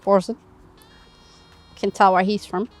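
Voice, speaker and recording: A woman's voice: on the high side, moderate pace, soft background music. A woman chatting casually while showing how she makes toasties outdoors on a fishing bank, laughing often. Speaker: co-presenter, cooking on the bank. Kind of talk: casual cooking demo chat.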